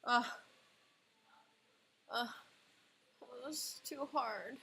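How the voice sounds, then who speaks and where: A young woman chatting casually on a livestream, excitable and quick to laugh at herself. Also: fairly high pitch, breathy edge. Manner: excitable, laughing often, self-deprecating groans. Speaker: illustrator streaming live. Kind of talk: casual livestream chat while playing a drawing game.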